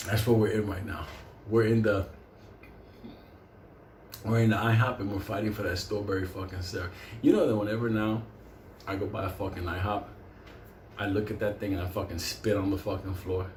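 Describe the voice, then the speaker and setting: A man telling a wild story in a profane, animated way, laughing often. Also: on the low side, fairly quick, pauses often, slight background noise. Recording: roomy echo, faint ambience.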